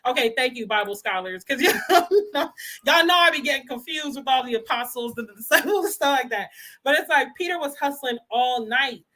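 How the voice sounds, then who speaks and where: Animated bright-voiced young woman vlogger. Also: high-pitched, a little fast. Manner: animated, laughs often, talks with youthful slang. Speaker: faith vlogger. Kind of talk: casual chat to camera.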